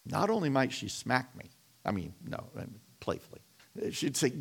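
A man's voice: on the low side, very animated, normal speed. A middle-aged man preaching a sermon in a conversational way, often repeating and restarting his words. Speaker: pastor.

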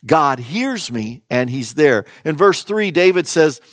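A man preaching a sermon in an earnest, emphatic way, slowing into dramatic pauses on key phrases. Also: a little high, sing-song, no echo. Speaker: pastor.

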